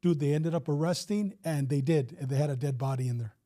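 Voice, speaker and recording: A man's voice: on the high side, quick pace, warm tone. A man in his fifties, a retired police officer, telling a story in a casual interview and acting out the dialogue with some swearing.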